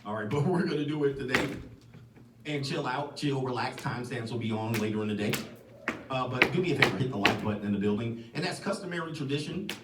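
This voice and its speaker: A man's voice: mid-range voice, fast. A man hosting a casual livestream podcast, joking and rambling with frequent laughs. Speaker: podcast host. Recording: echoey, distant mic, loud noise.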